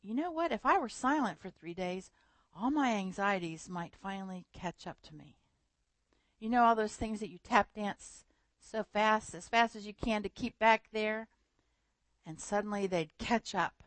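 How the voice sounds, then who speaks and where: Woman preacher, animated storyteller, dry close sound. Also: medium pitch, normal speed, dry recording. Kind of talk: sermon.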